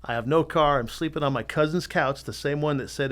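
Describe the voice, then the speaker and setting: A middle-aged man, a tattoo artist guesting on a podcast, telling his story in a candid, animated way and swearing freely. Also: fairly high pitch, brisk. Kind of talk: casual storytelling interview.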